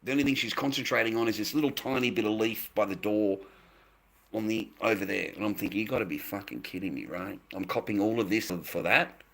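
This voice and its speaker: A man's voice: fairly low pitch, steady tone, brisk, gravelly, fairly bright tone. Exasperated man venting on a livestream. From Australia. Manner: exasperated, swearing, repeats himself. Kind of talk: casual ranting to a live chat.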